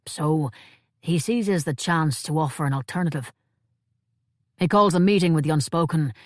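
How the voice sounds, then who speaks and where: A woman voicing a thoughtful, soft-spoken man with a gentle brogue in an audiobook, deliberate in how he speaks. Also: sits low, dry recording, studio quality, close to an everyday voice. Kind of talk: audiobook character voice.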